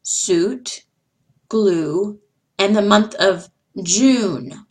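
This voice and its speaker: A woman teaches vowel sounds over slides, and she speaks at a very slow and careful pace. She says each example word clearly and repeats the sounds so listeners can follow. Her pitch sits in a middle range. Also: expressive, darkish tone. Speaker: English teacher. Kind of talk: slide-based phonics lesson.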